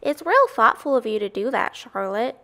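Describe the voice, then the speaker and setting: Woman doing a panicky young pig. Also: big pitch swings. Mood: grateful. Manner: high, loud, drawn-out cries. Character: frightened young male pig, wailing and pleading. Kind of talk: storybook read-aloud.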